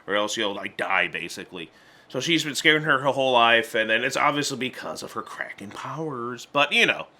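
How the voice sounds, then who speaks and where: Male movie reviewer, casual and chatty, restarts a lot, mid pitch, bright edgy tone. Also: lively intonation, fairly quick. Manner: chatty, stumbling restarts, acts out character lines in voices.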